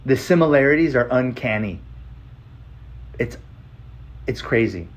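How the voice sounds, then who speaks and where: Telling a personal story on his podcast, this host rambles in a relaxed, profane monologue, dropping "like" again and again. His mid-range voice has lively intonation and an unhurried pace.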